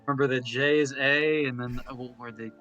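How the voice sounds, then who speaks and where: A man's voice: mid-range voice, fairly even intonation, fairly quick, sharp tone, lo-fi sound, soft background music. A man joining a casual gaming stream as a co-player, with dry, joking complaints. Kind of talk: casual gaming chat with friends.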